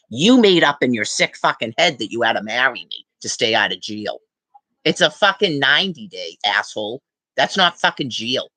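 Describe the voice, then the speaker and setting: A woman's voice: very deep voice, fairly bright tone, no room sound. Angry, profane woman ranting on a live stream. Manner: repeats "okay?" as a tag.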